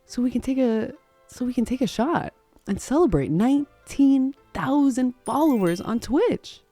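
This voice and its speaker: Bubbly woman streamer, mellow tone, dry close mic, faint game music behind. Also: sits high, lively intonation, a little slow, dry recording. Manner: bubbly, gushing, laughs often. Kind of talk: live-stream chat, thanking viewers.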